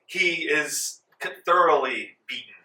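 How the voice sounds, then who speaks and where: A man narrating as game master in a tabletop game, relaxed, with many ums, in a library meeting room. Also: fairly high pitch, unhurried, a little hiss or hum. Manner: relaxed, full of ums, laughs along. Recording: roomy echo, distant mic.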